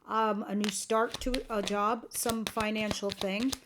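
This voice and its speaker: A woman's voice: medium pitch, fairly even intonation, unhurried, noisy background. A woman giving a tarot reading to camera, chatty and earnest, talking straight to her viewers, a bit tired and yawning. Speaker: tarot reader.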